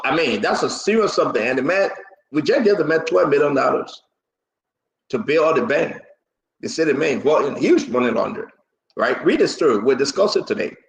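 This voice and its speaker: A man hosting a live political talk show, rambling and repetitive, now and then bursting into shouts. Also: mid-range voice, animated, a little fast, vocal fry, echoey room, poor audio.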